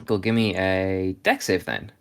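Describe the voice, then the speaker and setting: Male GM, low voice, halting, filler-heavy narration. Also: steady tone, a bit bright, clean tone. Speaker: game master. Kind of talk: narrating a tabletop game.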